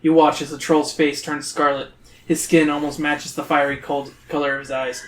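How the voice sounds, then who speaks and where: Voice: mid-range voice, little pitch movement, moderate pace, soft background music. A podcast host casually reading a gamebook aloud, cracking jokes and swearing freely. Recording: roomy echo.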